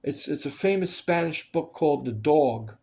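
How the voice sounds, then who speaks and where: Animated man telling stories, swearing. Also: a little high, moderate pace, vocal fry. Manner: animated, acts out quoted people, swears freely. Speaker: storyteller recalling film work. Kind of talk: casual chat.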